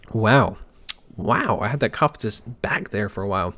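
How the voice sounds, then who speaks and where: A man talking loosely into a desk mic at home, rambling on and breaking off his own sentences. His voice sits at a middle pitch, and the sound is dry and close. He stops now and then to act out excited or annoyed fans. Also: husky, dry recording. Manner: rambling, self-interrupting, mock-acts fan reactions. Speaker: gaming podcast host. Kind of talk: casual solo commentary.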